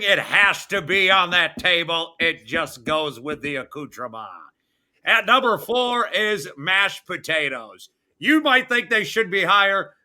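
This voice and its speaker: A man hosting a casual sports podcast, talking in a high, piercingly bright voice. He is brash and profane, and he drags out his words like a mock announcer. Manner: crude, emphatic, mock list-countdown delivery. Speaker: podcast host.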